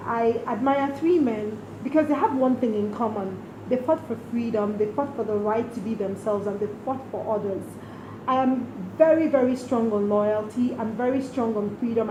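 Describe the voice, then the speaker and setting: Middle-aged woman from Nigeria, earnest interview guest, roomy recording with steady background noise. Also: on the high side. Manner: earnest, speaks directly to late mother. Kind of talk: reflective interview answers.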